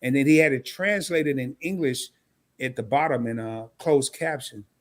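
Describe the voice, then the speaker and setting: A man hosting a casual live stream, telling stories with animated energy and talking straight to his viewers. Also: medium pitch, moderate pace. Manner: animated storytelling, talks straight to the chat. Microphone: camera mic.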